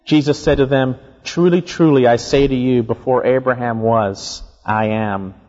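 A man's voice: medium pitch, steady tone, a little mellow, lo-fi sound. Emphatic male preacher in reverberant hall. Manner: emphatic, repeats key points, slows to stress words. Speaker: pastor. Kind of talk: expository sermon.

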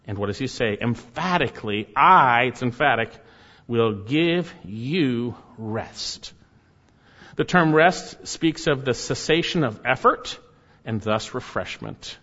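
A man's voice: medium pitch, lively intonation, moderate pace, sharp tone. A man preaching an expository sermon, earnest and emphatic, pressing his points with rising and falling intensity. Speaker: pastor. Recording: muffled, with long hall reverb.

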